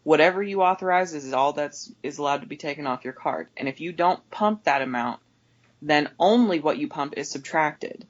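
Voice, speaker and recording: An exasperated woman, who clerks at a gas station overnight, rambles through a story about a customer as a podcast guest, restarting many times. Imitating customers, she pitches her voice sharply higher. Her pace is moderate and the audio sounds dull.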